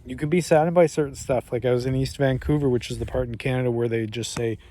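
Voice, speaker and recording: A man's voice: mid-range voice, steady tone, quick pace, mellow, slight background noise. A man talking to camera outdoors in a rambling, profane, reflective way, often restarting his sentences. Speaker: vlogger. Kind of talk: casual reflective monologue. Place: outdoors among trees. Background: breeze and distant ambience.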